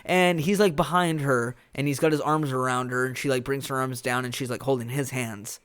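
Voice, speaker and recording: A young man co-hosting a casual podcast, retelling film scenes in a rambling, animated way with frequent restarts. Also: medium pitch, brisk, smooth. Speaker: podcast co-host. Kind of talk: casual movie-review chat.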